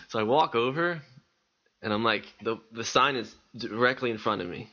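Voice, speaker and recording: Male podcast co-host, bright storyteller, loose and profane, on a dull lo-fi mic. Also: medium pitch, brisk. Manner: animated anecdote-teller, laughs often, swears casually. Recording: dull lo-fi sound.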